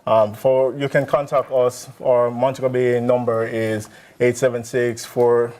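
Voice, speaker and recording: A man's voice: mid-range voice, level tone, measured pace, darkish tone. A man, a cafe owner interviewed on morning TV, speaking earnestly about his menu. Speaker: cafe co-founder. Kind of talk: guest interview.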